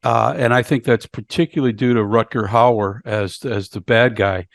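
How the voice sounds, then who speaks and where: Male podcast co-host, halting plot recap, mid pitch, dry close mic. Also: steady tone, vocal fry, dry recording. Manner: halting, repeats words while recapping the plot. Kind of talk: casual movie review chat.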